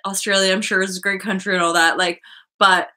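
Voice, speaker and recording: A Canadian woman in her thirties chats on a livestream, her voice clear and bright with a tense edge. She rambles freely and keeps circling back to restart her sentences. Her pitch sits in an ordinary middle range for a woman. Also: little pitch movement, fairly quick. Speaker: host of a spiritual web show. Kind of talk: casual livestream chat.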